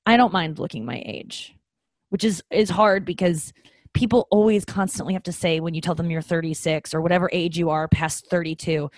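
A woman in her thirties with a lowish voice, talking straight to her listeners in a loose comic monologue. She is frank, self-mocking and profane, full of ums and restarts, and sounds close and dry with no room echo. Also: a little fast, darkish tone. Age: 30s. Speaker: comedian hosting a podcast. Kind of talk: casual comedic monologue.

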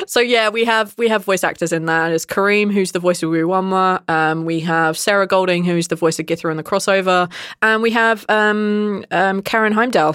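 A woman, a dungeon master, chatting casually on a podcast, animated and laughing often. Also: on the low side, smooth, dry recording, clean studio sound.

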